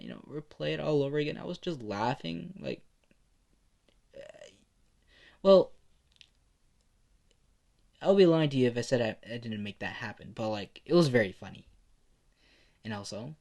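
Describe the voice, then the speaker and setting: A man's voice: creaky, a little mellow. A man doing a bratty little kid god. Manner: high, bratty and chattering. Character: childlike boy god, cheeky, whiny.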